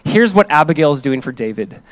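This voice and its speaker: Young guy pastor preaching, fairly high voice, telling a story all lively and chatty, super dry close sound. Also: a little fast, no room sound. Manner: animated storytelling, voices others in quotes. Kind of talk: sermon with personal story.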